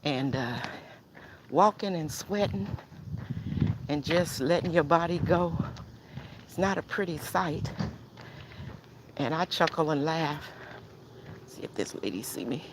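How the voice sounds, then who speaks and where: A woman's voice: deep voice, takes it slowly, long pauses. An older woman live-streaming her walk, chatting casually to viewers between heavy breaths and sighs, out of breath. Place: outdoors in a neighborhood, walking. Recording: outdoor noise behind.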